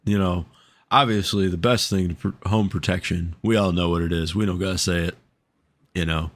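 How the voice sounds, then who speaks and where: A man's voice: deep voice, steady tone, moderate pace. A man co-hosting a podcast, chatting casually with heavy swearing and frequent laughter. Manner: profane, laughs often. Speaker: podcast co-host.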